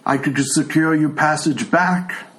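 A man's voice: a little high, steady tone, a little slow, a bit bright, rough recording. A man doing a frail, blind old tiefling man. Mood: courteous.

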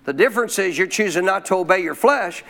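A man preaching a sermon, throwing frequent questions to the congregation and slowing down to stress key phrases. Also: sits high, animated, sharp tone. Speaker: pastor.

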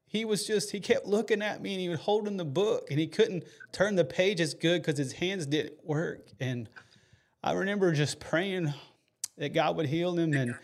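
Earnest man, higher voice. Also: normal speed. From United States. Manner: earnest, emotional, many fillers and restarts. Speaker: podcast host. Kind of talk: heartfelt faith podcast storytelling.

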